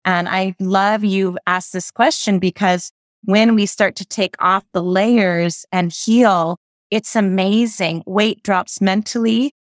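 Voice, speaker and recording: A woman's voice: fairly low pitch, no room sound, clean studio sound. A woman speaking as an interview guest, explaining ideas on intuition in a rambling, self-correcting way like a spiritual teacher.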